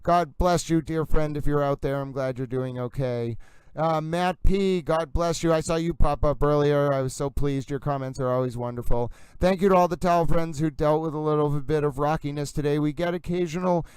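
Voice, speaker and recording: A man hosts a live stream, shouting out chat names with playful, theatrical flourishes. His voice is very smooth and clear, sitting a little high, and the sound is close and dry with no room around it. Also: steady tone, normal speed, no echo, low-quality recording. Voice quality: playful, theatrical, calls himself towel. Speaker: livestream host.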